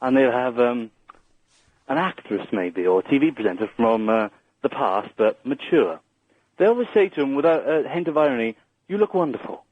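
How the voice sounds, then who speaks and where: A man's voice: mid-range voice, expressive, normal speed, no echo. A man from Wales, calling a radio show and bantering cheekily. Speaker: caller. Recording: thin telephone line.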